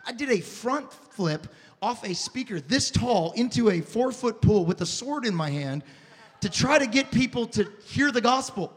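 A man in his thirties preaching a sermon, with a high, animated voice that swings between hushed confession and loud shouting. He stumbles, repeats himself, and restarts lines as the story pulls him along. Long reverb from the church hall trails after every phrase. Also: normal speed. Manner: repeats words and restarts often. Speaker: pastor.

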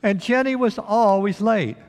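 A man's voice: high voice, measured pace, a little mellow, big-room sound. A man preaching a sermon as pastor, telling a story and asking the congregation questions. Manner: storytelling with acted quotes, asks the congregation questions. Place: church sanctuary.

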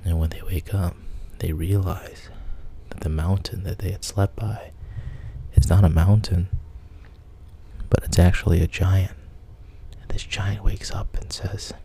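A man's voice: low voice, steady tone, unhurried, gravelly, warm tone, a little hiss or hum. A man casually retelling an old myth in a conversational, plain manner, with the odd filler. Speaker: storyteller.

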